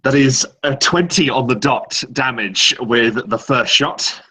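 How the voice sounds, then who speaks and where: A man at a tabletop game speaks very slowly in a bright, forward voice. He lays out his moves in an easygoing, unhurried way. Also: medium pitch, expressive, breathy edge, poor audio. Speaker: player. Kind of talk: casual tabletop play.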